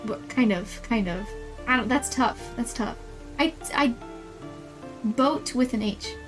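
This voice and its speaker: A woman's voice: fairly high pitch, slow, music in the background. A young woman livestreaming a game and chatting with viewers in a playful, giggly way, often flustered and laughing. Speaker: streamer. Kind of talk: casual live-stream chat with viewers.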